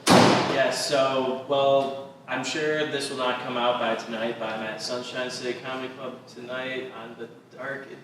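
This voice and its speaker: A man's voice: medium pitch, level tone, a little slow, crowd noise. A man, a comedian co-hosting a podcast, chatting casually with dry, teasing quips. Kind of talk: casual chat. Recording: echoey room, distant mic, noisy.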